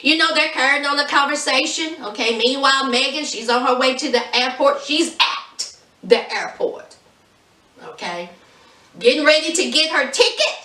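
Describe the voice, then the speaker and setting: A woman reviewing a reality show in a casual vlog, telling the story in an animated, sassy way. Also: high voice, moderate pace, far from the mic. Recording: echoey room, off from the mic.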